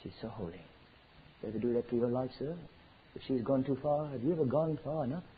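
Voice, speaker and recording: A man preaching a sermon, swinging from loud fervent declarations to hushed near-whispers. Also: mid-range voice, quick pace. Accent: South African. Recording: tinny lo-fi sermon recording with faint noise.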